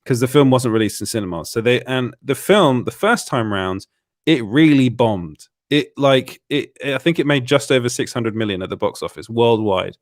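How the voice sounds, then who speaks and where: A man's voice: medium pitch, animated, moderate pace, no echo. Dry, chatty male show host. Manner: repeats words as he restarts sentences, laughing asides. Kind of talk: casual live-stream chat.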